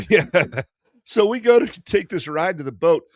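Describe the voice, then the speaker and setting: A man in his fifties telling a rowdy story to friends. His pitch swings widely, and he drops into quick impressions of other people along the way. The sound is dry and close, with no room around it. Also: no room sound. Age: 50s. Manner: profane, animated storyteller doing quick voices. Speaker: podcast co-host. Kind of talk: casual storytelling.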